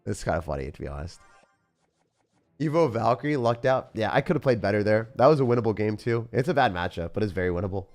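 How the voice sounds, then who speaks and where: A young man giving live gameplay commentary as a YouTuber, excitable and dramatic, swinging between outbursts and self-pity. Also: on the low side, quick pace, faint music behind. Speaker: gaming YouTuber.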